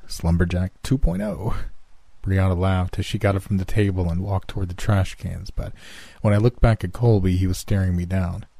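A man narrating a horror story in a calm, even storytelling manner. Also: low-pitched, fairly quick, dry recording.

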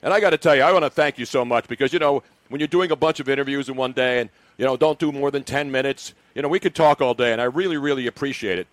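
A man's voice: medium pitch, fast talker, hardly any pauses, no echo. Effusive male sports radio host. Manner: effusive and grateful. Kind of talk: casual radio chat.

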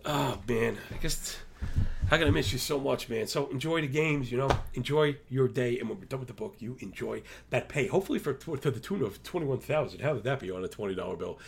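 A man hosting a podcast, talking casually and rambling excitably to his listeners. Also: mid-range voice, fairly quick, gravelly, a little hiss or hum. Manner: rambling, excitable, self-described motor mouth. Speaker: podcast host.

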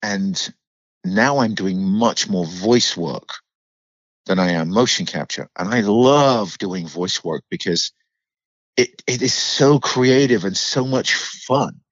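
A man with a low voice and a mid-Atlantic accent that blends British and American, talking as a podcast guest. He tells his stories in an animated, unfiltered way. The sound is dry and a little dull, like a remote call. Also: slow pace, no room sound. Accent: mixed British and American, mid-Atlantic. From United Kingdom. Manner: animated storyteller, swears freely, acts out quoted voices. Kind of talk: casual interview chat.

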